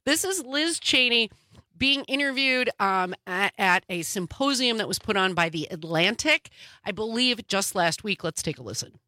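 A woman co-hosting a casual political talk show, with a sarcastic manner and quick asides. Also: medium pitch, animated, sharp tone, dry recording.

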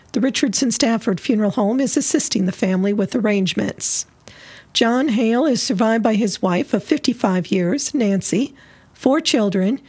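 A woman announcer on local radio, reading the weather and obituaries at a steady, measured pace. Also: mid-range voice, husky.

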